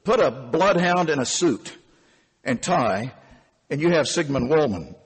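A man in his fifties telling a first-person story, animated and emphatic. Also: on the high side, a little slow, husky, in a large hall. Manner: animated and emphatic, with punchy phrasing.

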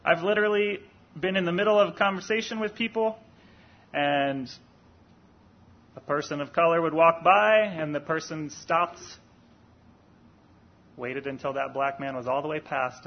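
A man preaching a sermon in an earnest, deliberate way, rising for emphasis on key points. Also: a little high, steady tone, dull audio.

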